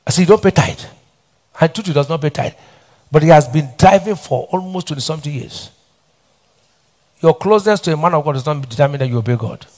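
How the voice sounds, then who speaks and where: A man's voice: a little high, expressive, fast talker, a little mellow. A middle-aged Nigerian man preaching a sermon as pastor, repeating lines and tossing questions back to the congregation. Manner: preaching with call-and-response questions and repetition. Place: church hall.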